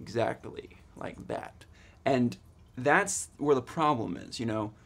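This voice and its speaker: A man's voice: medium pitch, takes it slowly, creaky, a little hiss or hum. A man in his twenties vlogging casually, rambling eagerly with lots of fillers and restarts. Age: 20s. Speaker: student vlogger. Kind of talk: casual vlog.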